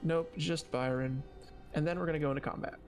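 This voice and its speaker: A man running a tabletop game as game master, speaking haltingly with many fillers and restarts. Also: a little high, fairly even intonation, over music.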